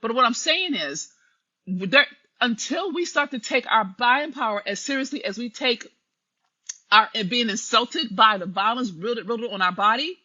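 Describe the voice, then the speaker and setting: Woman commentator, preachy live-stream delivery, slightly husky tone. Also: a little high, expressive, normal speed, bright, forceful tone. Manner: preachy, emphatic, addresses listeners directly. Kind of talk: impassioned live stream monologue. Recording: dull lo-fi live stream audio.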